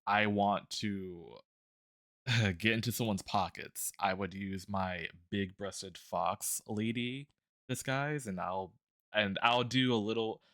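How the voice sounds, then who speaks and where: A man with a fairly low voice, chatting casually as a guest. He rambles and hesitates, with plenty of ums, and the recording is dry and close. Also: slow, fairly bright tone, no echo. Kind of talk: casual chat.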